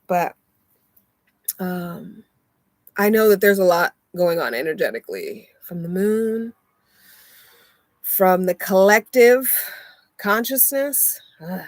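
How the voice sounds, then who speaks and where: A young woman casually chatting on a live stream from inside her motorhome, animated and laughing often. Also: medium pitch, takes it slowly, long pauses, no room sound. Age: young adult. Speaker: vlogger and oracle card reader.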